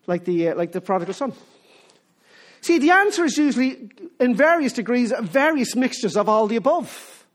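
A lively, animated preacher delivers a sermon. The voice rises and falls freely, and the speaker presses each point emphatically, often breaking off and restarting mid-phrase. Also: high voice. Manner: animated, asks the listeners rhetorical questions.

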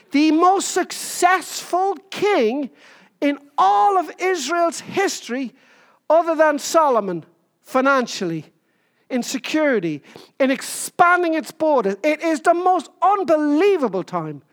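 Emphatic woman preaching a sermon. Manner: emphatic, with short repeated phrases and pauses; jokes about squeaking into a higher voice.

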